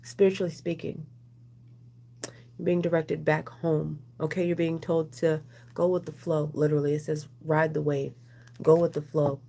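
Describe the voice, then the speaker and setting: A woman's voice: low voice, level tone, moderate pace, gravelly, mellow. A woman doing a casual, rambling oracle card reading, chatting with her viewers as she goes. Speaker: tarot reader.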